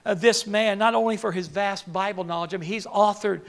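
An older man preaching a sermon, halting and repeating words, then building to emphatic peaks. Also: high-pitched, steady tone, vocal fry, a bit bright.

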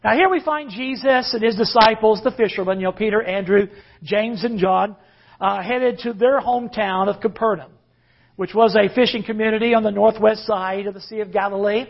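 A man's voice: high voice, normal speed, creaky, lo-fi sound. A man preaching a sermon as pastor, emphatic and leading the congregation in call-and-response.

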